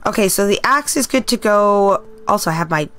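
A woman's voice: mid-range voice, expressive, brisk, fairly bright tone, faint music behind. A middle-aged woman with a Canadian accent, chatting casually with viewers while she streams a video game. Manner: rambling, chatty, talks to chat viewers. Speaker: let's play streamer. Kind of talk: casual live-stream gameplay chat.

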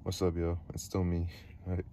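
A man reading a novel aloud for an audiobook channel, quick and even, with small slips and restarts. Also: sits low, background noise. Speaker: audiobook reader.

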